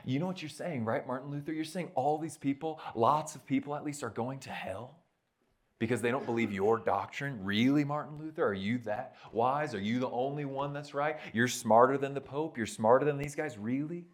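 A man's voice: medium pitch, normal speed, pitched above the performer's own voice, lightly acted. A man putting on a sneering, taunting devil. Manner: taunting, rhetorical questions. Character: mocking tempter devil, male, sneering.

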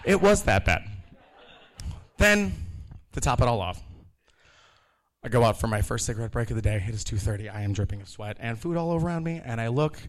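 Live on stage, a man in his thirties shares a story from his time working in a kitchen, talking a little fast in a mid-range voice. He's animated and laughing, and he acts out each person he quotes.

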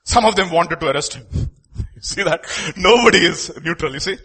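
A man preaching a sermon, moving between loud emphatic lines and quiet asides. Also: high voice, a little fast, husky. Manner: animated, swings from loud emphatic lines to quiet asides, acts out quoted voices.

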